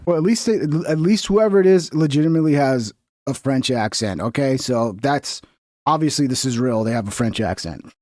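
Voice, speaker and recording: A man's voice: medium pitch, expressive, normal speed, darkish tone, no room sound, studio quality. A man streaming reaction commentary in a sarcastic, profane, mocking rant.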